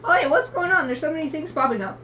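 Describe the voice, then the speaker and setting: A woman's voice: high-pitched, lively intonation, fast talker, noisy background. A woman artist live-streaming her drawing session, chatting casually with viewers and explaining each coloring step as she works. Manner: chatty and upbeat, greets viewers warmly, laughs often.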